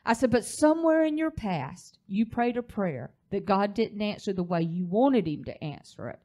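A woman teaching a church leadership class in a sermon-like way. She tells a story with plenty of emphasis and pushes her points home like a preacher. Her voice sits at a middling pitch. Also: big pitch swings, moderate pace, mellow.

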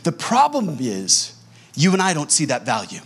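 Husky, lively pastor preaching. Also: male voice, fairly high pitch, normal speed. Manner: animated storytelling, acting out quoted dialogue. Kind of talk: sermon. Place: church sanctuary.

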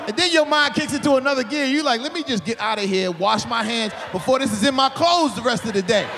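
A man's voice: extremely high pitch, fast. A male stand-up comedian, performing a live set and acting out little scenes in exaggerated voices. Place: comedy club stage. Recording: live club recording with crowd laughter and noise. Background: laughing audience.

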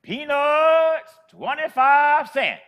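A man voicing a tiny hunched old woman who sells peanuts on the street, calling out loud and slow. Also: very high-pitched, animated, muffled recording, pitched above the performer's own voice, heavily acted. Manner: calls out loud and drawn out.

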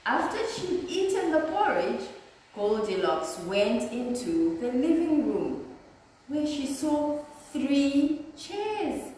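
A woman teacher reading a children's storybook aloud, slow and very expressive, with her pitch rising and falling freely. Her voice sits a little high. It sounds roomy and echoey, picked up from some way off the mic. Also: recorded from a distance, a little hiss or hum. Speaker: early years teacher.

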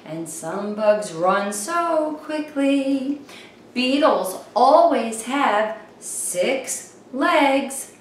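A woman leads songs and finger rhymes for small children, singing and chatting in a playful voice with little whoops. She talks slowly and sits a little high. Her voice comes from a bit away from the mic, in a strongly echoing room. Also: animated, recorded from a distance, slight background noise. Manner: playful, sing-song, exclaims little whoops. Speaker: children's show host. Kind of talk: singing and rhyming for young children.

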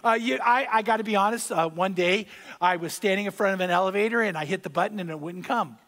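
High-voiced pastor preaching in a reverberant hall. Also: male voice, quick pace. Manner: conversational preaching, repeats key phrases, swings louder for emphasis. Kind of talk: sermon. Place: church sanctuary.

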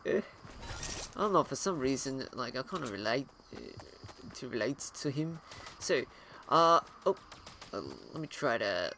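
A man's voice: medium pitch, lively intonation, moderate pace, soft background music. A man voicing a new male gamer character with a put-on Australian accent, rambling through gameplay with many fillers. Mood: chatty. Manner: hesitant, filler-heavy, louder than his own voice.

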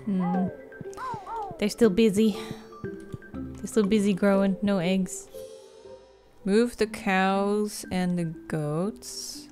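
A woman talks through her game at an unhurried, drawn-out pace, thinking aloud in a relaxed, chatty way. Her pitch sits in an ordinary middle range, and soft music plays faintly behind her. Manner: chatty, muses aloud, giggles and hums while playing. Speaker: gaming video creator. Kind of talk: casual gameplay commentary.

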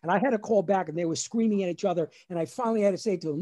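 Animated storytelling man with a New Jersey accent. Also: high-pitched, racing. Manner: animated, acts out family voices. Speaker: lawyer and comedian giving a webinar talk. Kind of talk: storytelling stand-up on a webinar. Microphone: video call.

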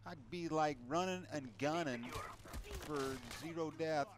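A man with a slightly high voice speaks a little slowly while casually commentating his own video game play in a frustrated, profane rant. Loud gunfire and clicks from the game fill the background, along with other noise.

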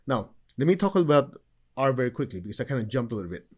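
Animated male meditation teacher. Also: mid-range voice, fast. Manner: animated storyteller who acts out quoted people. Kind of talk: spiritual teaching talk.

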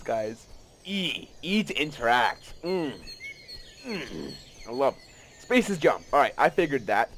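A man giving casual let's play commentary, excitable and rambling, often gasping and joking at himself. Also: medium pitch, takes it slowly, a little hiss or hum. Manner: excitable, rambling, gasps and self-mocking asides.

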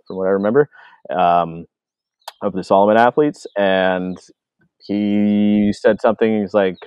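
A Canadian filmmaker telling stories in a casual interview, acting out other people's lines, with lots of fillers. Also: male voice, low voice, clear, resonant tone, no echo, highs cut off. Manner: animated, acts out quoted voices, many fillers. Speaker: filmmaker guest. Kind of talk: casual storytelling.

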